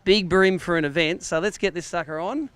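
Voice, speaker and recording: A man's voice: high voice, a little fast, a bit bright, smooth, dry recording. An Australian man emceeing a live fishing weigh-in outdoors by a lake, with jokey, upbeat banter. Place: outdoor lakeside weigh-in stage.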